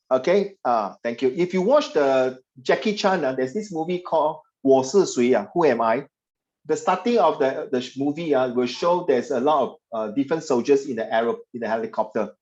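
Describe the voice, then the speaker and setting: A man's voice: mid-range voice, a little mellow. Man, Singaporean English accent, chatty, teasing, tutor on a video call, dull lo-fi sound. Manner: chatty, teasing, puts on voices of parents and students. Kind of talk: online class teaching.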